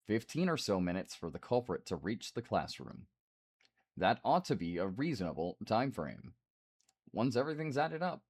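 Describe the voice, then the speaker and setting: A man streaming a game, reading the dialogue aloud and breaking off for quick asides. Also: lowish voice. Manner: reads the game's lines aloud with asides.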